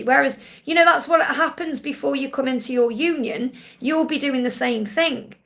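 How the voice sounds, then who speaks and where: A woman's voice: sits high, gravelly, fairly bright tone. A woman reading tarot cards live for viewers' questions, reassuring and often checking in with "okay?". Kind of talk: live-stream Q&A card reading.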